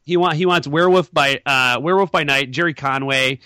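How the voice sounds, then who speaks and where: A man's voice: a little high, brisk, sharp tone, no room sound. A man hosting a casual podcast, rambling with many fillers and restarts. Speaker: podcast host.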